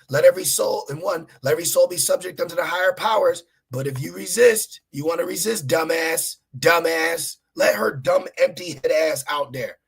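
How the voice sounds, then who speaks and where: A man's voice: a little high, gravelly, a bit bright, breathy edge. A man preaching on a livestream, reading scripture aloud and talking straight to his listeners in a fiery, preachy way. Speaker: street preacher.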